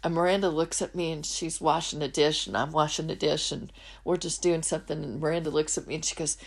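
A woman's voice: sits low, fairly even intonation, quick pace, creaky. A middle-aged woman hosting a faith-based podcast, telling personal stories casually and acting out the people she quotes. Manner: storytelling, acts out quoted voices. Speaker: podcast host.

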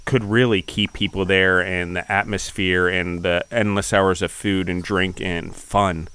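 Deep, smooth-voiced male podcast host. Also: flat delivery, unhurried, sharp tone. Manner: reflective, encouraging. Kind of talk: casual interview chat.

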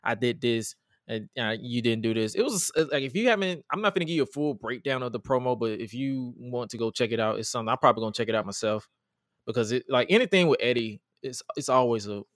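A man co-hosts a wrestling podcast, talking casually and animatedly, swearing and acting out quotes. His mid-range voice moves at a quick pace, with studio-quality sound and no echo.

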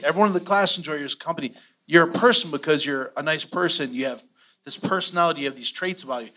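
A middle-aged man teaching a church finance class, telling stories with animated, acted-out quotes. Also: fairly high pitch. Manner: animated storytelling, acts out quotes.

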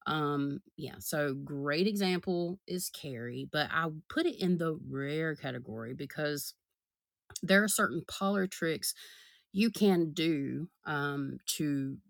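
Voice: medium pitch, slow pace, vocal fry, a bit bright, no echo, studio quality. A podcast co-host talking casually, rambling with many fillers and asides to the listeners. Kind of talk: casual chat.

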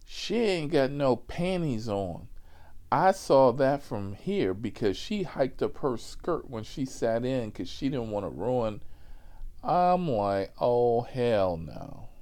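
A man, a rideshare driver, telling a comic story in an animated, profane way with many asides. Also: mid-range voice, takes it slowly.

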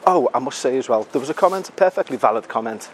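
A man's voice: medium pitch, lively intonation, fast, a little hiss or hum. Breathless British man rambling outdoors. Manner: chatty, self-mocking, swears casually. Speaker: podcast host. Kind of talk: casual rambling chat while walking. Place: outdoors on a city street.

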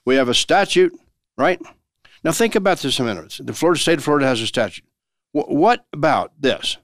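A man's voice: a little high, expressive, fairly quick, dry recording, clean studio sound. A man hosting a show and explaining law in a chatty way, asking rhetorical questions and chuckling now and then. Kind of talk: casual legal commentary.

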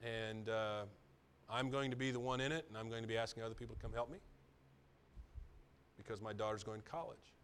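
A middle-aged pastor preaches a sermon in a lowish, steady voice at a brisk pace, pausing often. He drops to soft, near-whispered asides, then builds to loud, emphatic repetitions, with a little hiss or hum in the audio.

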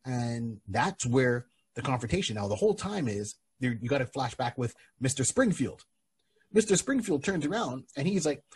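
A man's voice: medium pitch, very animated, normal speed, breathy edge. A man hosting a podcast, casually and animatedly retelling a comic book story with many restarts. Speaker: podcast host. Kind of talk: casual chat.

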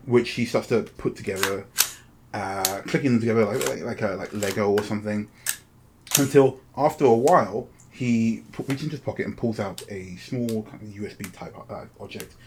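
A man's voice: fairly low pitch, normal speed, slight background noise. A man narrating a tabletop game as game master, describing scenes at length with many restarts. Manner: descriptive, full of fillers and restarts.

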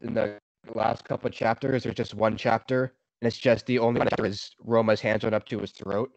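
Young man, low and gravelly, casual book chat; dry, lo-fi recording. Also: little pitch movement, a little fast, darkish tone, no echo. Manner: recounts scenes by quoting the characters. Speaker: book club member.

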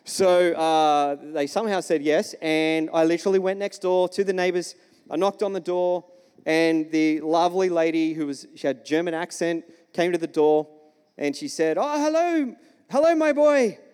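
Male pastor, high voice, storytelling sermon, long church-hall reverb. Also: steady tone, normal speed, a little mellow, clean tone. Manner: storytelling, engages the congregation with questions.

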